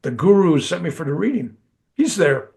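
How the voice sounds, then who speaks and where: Older man telling a story, gravelly voice. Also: on the high side, fairly quick. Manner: animated, quotes others in lively bursts. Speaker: guest recounting a near-death experience.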